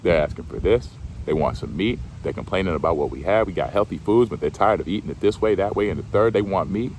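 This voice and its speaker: A man's voice: sits low, expressive, fast, a little mellow, a little hiss or hum. A man voicing a weary male prophet who vents about his people in slangy, exasperated speech.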